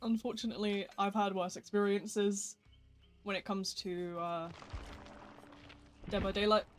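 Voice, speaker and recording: A streamer chats loosely over a live game session, rambling and poking fun at themself while answering the chat. The voice sits at a mid pitch, and faint game music plays underneath. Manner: chatty, rambling, self-deprecating, talking to chat. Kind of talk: casual live gameplay commentary.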